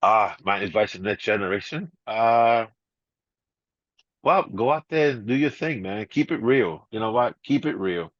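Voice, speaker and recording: A middle-aged man, a guest DJ, telling stories in a casual interview, laid-back and quick to laugh, full of "you know" and "man". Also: lowish voice, lively intonation, no room sound. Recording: slightly dull, muffled audio.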